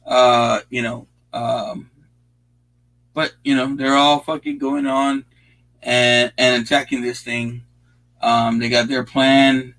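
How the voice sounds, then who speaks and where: Young guy hosting a movie watch-along, mid-pitched, profane, rambling, casual. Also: little pitch movement, takes it slowly, fairly bright tone, soft background music, low-quality recording. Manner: profane, rambling, laid-back with frequent fillers.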